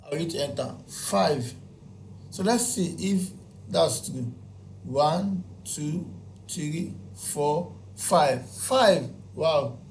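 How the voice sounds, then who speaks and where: A man's voice: on the high side, drawn-out words, slight background noise. A man teaching a spreadsheet tutorial. He counts items aloud one by one, repeats his key points and answers his own questions. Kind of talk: screen-recorded software tutorial.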